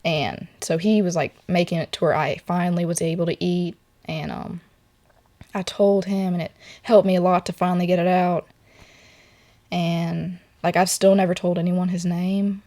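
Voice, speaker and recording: Sitting for a portrait in an artist's studio, a young woman tells a personal story softly and haltingly, with many filler words. Her voice is fairly low and level in tone.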